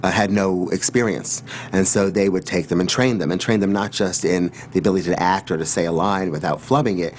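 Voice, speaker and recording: A man explaining the old studio system in a measured, analytical documentary interview. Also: low-pitched, fairly even intonation, slight background noise.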